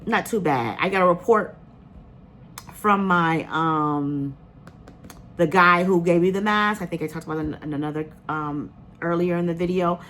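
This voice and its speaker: A woman talks straight to her viewers in a casual vlog, earnest and a little emotional. Her voice sits on the lower side for a woman, and she rambles with plenty of ums and restarts. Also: moderate pace, fairly bright tone, a little hiss or hum. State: emotional, near tears. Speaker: vlogger.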